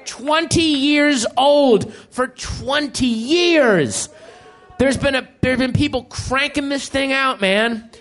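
A man's voice: very high-pitched, slow, a bit bright. A man doing stand-up comedy, profane and emphatic, drawing out his punchlines. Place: comedy club stage with audience laughing.

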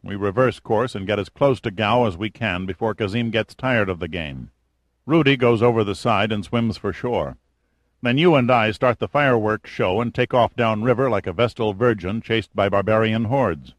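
A man's voice: on the low side, normal speed, dry recording, close to an everyday voice. A man voicing a wry, daring adventurer who stays cool under threat, with dry, cocky humor. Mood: scheming.

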